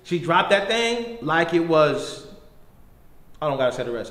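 A man in his thirties, a middle school pastor, giving a casual youth sermon in slangy, animated storytelling style. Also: fairly high pitch, normal speed. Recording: echoey room with long reverb.

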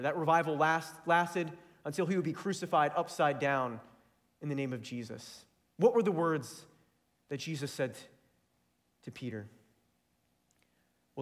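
A young man delivering a sermon in a fairly high voice. He speaks earnestly, with a build toward fervent, pressing emphasis. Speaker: preacher.

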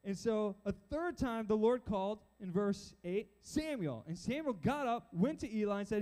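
High-voiced, chatty youth pastor. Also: male voice, normal speed, hardly any pauses. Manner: animated, chatty, acts out Bible figures. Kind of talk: casual sermon to a youth crowd. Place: church auditorium with a balcony.

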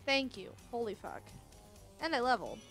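A woman chatting casually over her gameplay, blunt and quick to swear. Her fairly high voice moves up and down a lot. Soft game music runs underneath. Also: sing-song. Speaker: let's play host.

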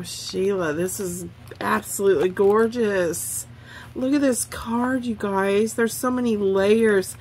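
A woman's voice: mid-range voice, a little mellow, slight background noise. Gushing woman craft vlogger. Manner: gushing, effusive. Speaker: craft channel host. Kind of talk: casual unboxing chat.

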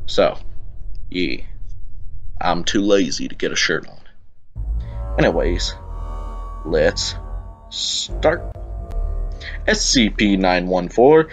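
A young man with a low voice and a Southern drawl chats his way through a game. He rambles and breaks off mid-sentence as he talks into a computer camera mic at home, with faint music behind him. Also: lively intonation, slow, pauses often. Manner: rambling, chatty, self-interrupting. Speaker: gameplay YouTuber. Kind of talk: casual let's-play commentary.

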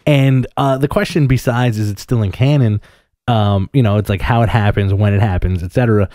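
A man's voice: lowish voice, a little fast, a little mellow, no echo, clean studio sound. Rambling, easygoing male podcast co-host. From New York. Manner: rambling, filler-heavy storytelling. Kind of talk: casual chat.

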